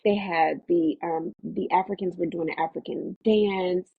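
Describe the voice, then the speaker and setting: A woman tells her story as an interview guest, animated and quick to act out the voices of others. Her voice is low and husky. It comes over a tinny, phone-like remote line with a dry sound. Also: no echo. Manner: animated storyteller, acts out quotes in a higher voice. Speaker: actress, podcast guest.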